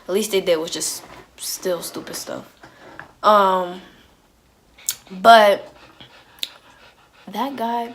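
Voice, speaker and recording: A vlogger with a medium-pitched voice shares a personal story in an animated, slangy way. Her telling is packed with "like"s, and she often restarts her sentences.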